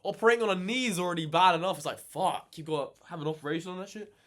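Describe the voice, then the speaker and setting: A man ranting in casual reaction commentary, animated and swearing a lot, exasperated. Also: high voice, rapid-fire. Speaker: reaction channel host.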